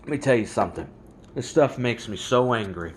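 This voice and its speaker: A man's voice: mid-range voice, lively intonation, a little fast. Man, vlog host, angry, fired up, ranting religious commentary.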